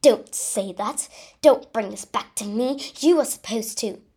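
A clever, bossy teenage girl witch who gives orders and scolds, as a woman reads her lines. The voice sits slightly high and moves slowly, with a gravelly edge. It is a homemade storybook reading. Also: a little mellow. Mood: scolding. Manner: commanding, scolding.

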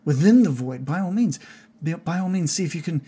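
Guy doing a quiet solemn town elder, breathy, kinda halting. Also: fairly high pitch, lively intonation. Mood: earnest.

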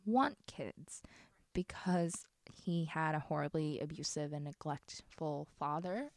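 A woman's voice: low voice, fairly even intonation, measured pace, dry recording, studio quality. A young woman co-hosting a podcast, chatting casually about a book with jokey, exclaiming asides. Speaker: podcast co-host.

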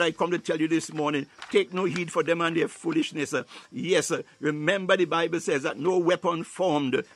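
A man's voice: on the high side, fairly bright tone, no room sound. A man preaching a sermon, filling his phrases with "hallelujah" and "ah, my God" and breaking into tongues.

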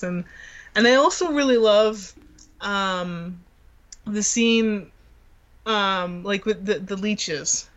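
A woman's voice: mid-range voice, takes it slowly. Rambling woman, slightly muffled audio. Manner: rambling, many fillers and restarts, searches for words. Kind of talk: casual film discussion.

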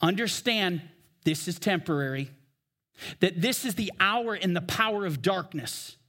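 A man preaching from the pulpit with a strikingly high voice. He speaks with emphasis and slows down for the scripture he reads aloud. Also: expressive, pushed and bright. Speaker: pastor. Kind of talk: sermon. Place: church.

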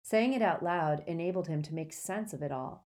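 Woman reading a storybook out loud, lowish voice, steady and measured. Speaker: narrator. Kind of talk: storybook narration.

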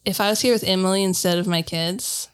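A woman on a tabletop podcast, talking in excited rapid bursts. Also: medium pitch, a crowd in the background. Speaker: podcast player. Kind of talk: casual podcast chat.

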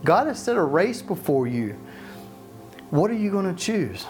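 A man's voice: sits high, animated, measured pace, music in the background. A male pastor preaching a sermon in a church, passionate, asking rhetorical questions and often restarting his sentences.

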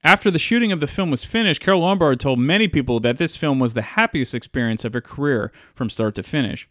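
A man's voice: fairly high pitch, lively intonation, fast, a bit bright, no room sound, clean studio sound. A man reviewing a classic film in a casual, enthusiastic video. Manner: enthusiastic, chatty retelling. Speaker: movie reviewer.

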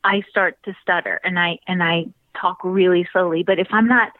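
A woman with a Southern American accent, an actress telling stories as a guest in a casual interview with lively, laughing delivery. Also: lowish voice, moderate pace. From Alabama, US South. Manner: animated storyteller, laughs often. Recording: phone-line audio, dry.

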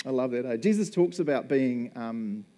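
A man's voice: mid-range voice, animated, moderate pace, dark tone. A man with a New Zealand accent preaching a casual, conversational sermon, chatty and joking as he talks. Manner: chatty, joking, often laughing.

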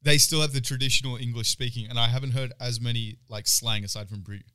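A young Australian man chats in loose, crude banter, swearing and laughing between points. His voice is bright and forward, and it sits close and dry on the mic. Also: medium pitch, fairly even intonation, quick pace, clean tone, no echo. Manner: crude, joking, laughs often, swears a lot. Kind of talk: casual podcast banter.

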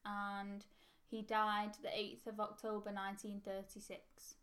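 A woman's voice: medium pitch, completely flat delivery, measured pace, fairly bright tone. A young woman hosting a casual history podcast, chatty, laughing easily and poking fun at herself. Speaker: podcast host.

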